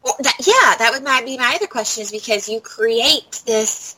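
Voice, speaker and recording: A woman's voice: fairly high pitch, moderate pace, very noisy. A woman co-hosting a podcast in casual chat, rambling along with constant "like" fillers. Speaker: podcast co-host.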